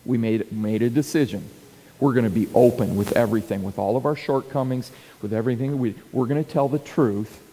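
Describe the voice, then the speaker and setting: A middle-aged man speaks to a room, teaching through stories and acting out what people said. His voice is mellow and warm. The sound rings with a long reverb from a large hall. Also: mid-range voice, a little fast, a little hiss or hum. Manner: animated storyteller, acts out quotes and sound effects. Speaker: speaker coaching church leaders.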